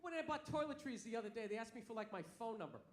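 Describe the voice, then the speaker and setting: A man's voice: very high voice, expressive, racing. A man doing stand-up, ranting in a profane, exasperated way. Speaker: stand-up comedian. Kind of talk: stand-up comedy routine. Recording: echoey room with audience noise.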